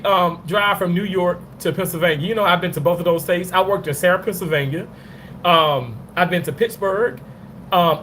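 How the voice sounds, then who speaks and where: A man's voice: on the high side, a little hiss or hum. A man hosting a casual livestream chat, cursing freely, laughing often and talking back to comments from viewers. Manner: animated, profane, laughs often. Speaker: livestream host.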